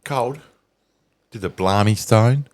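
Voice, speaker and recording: A man's voice: lowish voice, takes it slowly, darkish tone. A middle-aged Australian man, a podcast co-host, chatting casually and keenly agreeing with short replies. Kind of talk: casual pub-style chat.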